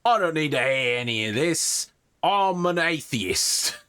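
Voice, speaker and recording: A man's voice: fairly high pitch, expressive, unhurried, sharp tone, clean tone, voice pushed up. A man voicing a coarse, defiant male townsman guard who sneers at the priest.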